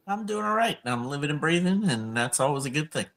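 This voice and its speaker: A man co-hosting a podcast, talking in a casual, measured way as he explains things, with frequent fillers. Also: on the high side, animated, vocal fry, fairly bright tone. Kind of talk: casual chat.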